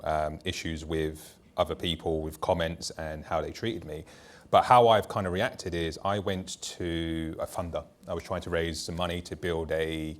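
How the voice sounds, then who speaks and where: A man who founded a startup, speaking bluntly and telling stories from his own work on a conference panel. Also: low voice. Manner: blunt, anecdotal, talks in long loose runs. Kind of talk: candid panel discussion.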